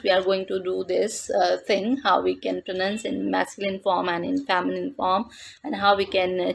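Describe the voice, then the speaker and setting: A woman teaching a beginners' French lesson, reading dialogue lines and translating them slowly and deliberately. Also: medium pitch, gravelly, husky. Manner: slow and deliberate, repeats words in French then English. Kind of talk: explaining a textbook lesson.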